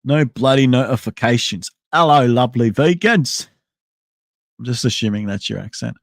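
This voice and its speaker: A man's voice: medium pitch, moderate pace, creaky, no room sound. A man hosting a casual livestream, thinking aloud in a rambling way with many restarts and answering chat messages. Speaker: livestream host.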